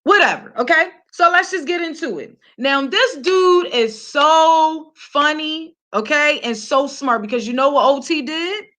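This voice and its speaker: High, sharp-voiced woman ranting. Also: lively intonation, a little slow, few pauses. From Philadelphia. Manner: ranting, profane, heated; talks straight to the camera and viewers. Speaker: vlog host. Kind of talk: celebrity gossip commentary.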